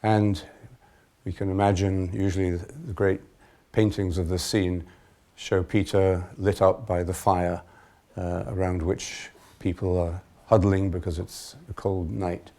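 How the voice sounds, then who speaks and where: A man leading a spiritual retreat as a monk, speaking in a measured, thoughtful way with pauses and fillers. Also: sits low, flat delivery, dark tone. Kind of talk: reflective spiritual retreat talk.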